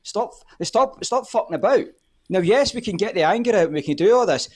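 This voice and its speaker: A man's voice: sits high, expressive, fairly quick, a little mellow, husky. A man, a guest on a live podcast, ranting heatedly and swearing often. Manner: fired up, swearing often, repeats "the whole point is".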